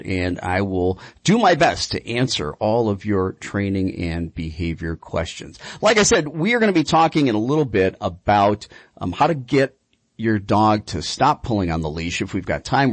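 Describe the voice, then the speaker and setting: A man hosting a radio call-in show about dog training, telling stories in an animated, chatty way. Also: mid-range voice, husky, no echo.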